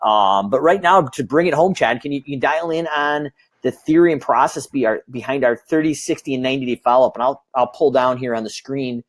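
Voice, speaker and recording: A man's voice: mid-range voice, fairly quick, dry recording. A man hosting a business webinar, casually explaining a process and handing over to his co-presenter. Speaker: webinar host.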